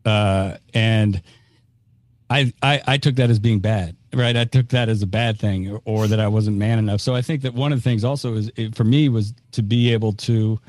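A man's voice: lowish voice, steady tone, normal speed, a little mellow, no room sound. A man hosting a talk, sharing his own experience in a hesitant, candid way full of "you know". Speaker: podcast host giving advice. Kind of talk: reflective conversational advice.

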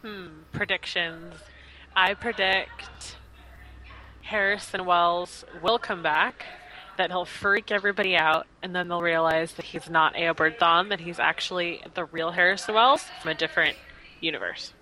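A woman's voice: fairly low pitch, steady tone, a little slow, bright, forceful tone, a little hiss or hum, low-quality recording. A woman on a fan panel, talking enthusiastically and praising a fellow guest. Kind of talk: casual panel chat.

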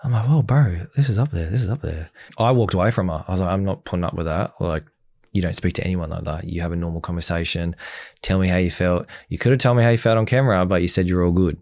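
This young interview guest's voice sits low, moves fast and sounds creaky, with no echo. Speaking bluntly in a candid interview, he animatedly acts out quoted dialogue from people he's dealt with.

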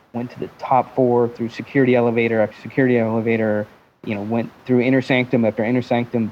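A man guest telling an animated, joking business story with some profanity, now and then slipping into mimicked accents. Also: medium pitch, muffled recording, slight background noise. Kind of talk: animated storytelling in a podcast interview.

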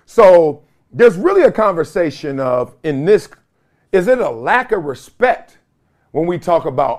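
Animated high-voiced man telling stories. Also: a little slow. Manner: animated storytelling with laughs and mimicked voices. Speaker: host. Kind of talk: comedic solo talk show monologue.

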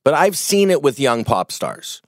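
A middle-aged man from Canada speaks as an interview guest, in a medium-pitched voice, laying out his arguments calmly with examples. His voice is recorded dry and close. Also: no room sound. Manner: measured, explains with examples, holds his ground. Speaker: music manager, guest. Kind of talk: conversational interview.

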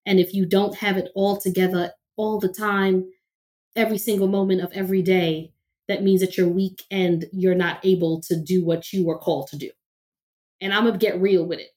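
A woman's voice: mid-range voice, steady tone, moderate pace, darkish tone. A woman therapist and minister, a podcast guest, talking emphatically with preacher-like repetition. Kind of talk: conversational interview.

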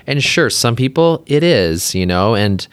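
A man's voice: medium pitch, very animated, a little slow, smooth, no echo. A man who is a plastic surgeon, chatting casually as a podcast guest, talking in loose rambling sentences full of fillers and openly emotional. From Utah, US.

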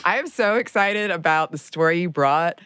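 A woman co-host who chats with bubbly enthusiasm. Her voice is very low for a woman and sounds dry and close, with no room around it. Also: expressive, normal speed, fairly bright tone, clean tone, no echo. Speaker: podcast co-host, voice actor. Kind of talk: casual chat.

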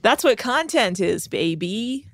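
A woman's voice: on the high side, big pitch swings, slow pace, no room sound, clean studio sound. A young woman from the Bay Area co-hosting a podcast, recapping a reality show in casual, swearing chat full of mock quotes. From San Francisco Bay Area. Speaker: podcast co-host.

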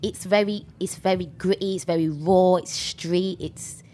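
This young English rapper has a Birmingham accent and a lowish voice that moves a little slowly. As an interview guest in a relaxed setting, she chats animatedly, using fillers and starting sentences over.

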